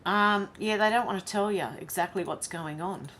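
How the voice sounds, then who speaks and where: A woman's voice: medium pitch, moderate pace, fairly bright tone, a little hiss or hum. Chatty Australian woman on a live stream. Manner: chatty, blunt, greets viewers by name. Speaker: commentary channel host. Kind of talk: casual live-stream commentary.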